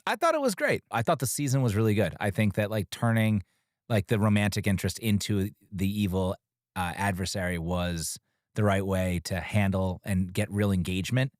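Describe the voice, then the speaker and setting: Man, podcast co-host, casual chat, swooping lively pitch, dry close sound. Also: moderate pace, no echo. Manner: animated, jumps into high voices when quoting characters.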